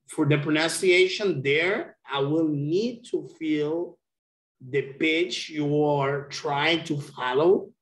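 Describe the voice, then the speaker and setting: A man's voice: a little high, reverberant. A man teaching English in an online lesson, patiently explaining pronunciation and encouraging his student. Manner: patient, encouraging, slow and deliberate.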